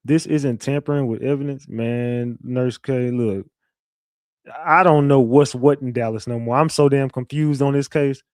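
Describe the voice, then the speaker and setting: An unhurried man with a mid-range, slightly mellow voice and a steady tone runs a casual livestream. He talks loosely and profanely, repeats himself, and reads viewers' messages aloud. There's no echo, and the studio sound is clean.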